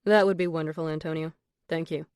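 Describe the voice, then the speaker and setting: A woman voicing a confident, flirtatious wealthy man in an audiobook, speaking low and measured. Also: steady tone, darkish tone, smooth, no echo, studio quality, close to an everyday voice. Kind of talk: audiobook character voice.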